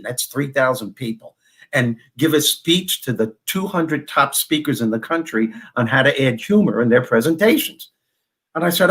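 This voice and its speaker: A middle-aged man from Long Island, a guest telling stories in an interview and acting out the dialogue. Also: a little high. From Long Island, New York. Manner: animated storyteller who acts out dialogue in quick bursts. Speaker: guest, motivational speaker and former comedian. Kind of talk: storytelling in a podcast interview.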